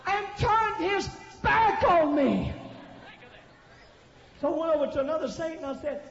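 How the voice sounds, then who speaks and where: A man preaching a Pentecostal revival sermon, swinging from hushed storytelling to shouted preaching. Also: very high-pitched, moderate pace. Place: large church sanctuary. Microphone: pulpit microphone. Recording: echoey, dull church recording.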